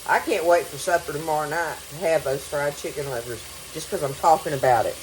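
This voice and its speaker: A woman's voice: low-pitched, fairly quick, a little mellow, slight background noise. A woman with a Southern US accent hosting a home cooking demonstration, chatty and folksy, talking to viewers as y'all. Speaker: cooking show host. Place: home kitchen with food sizzling.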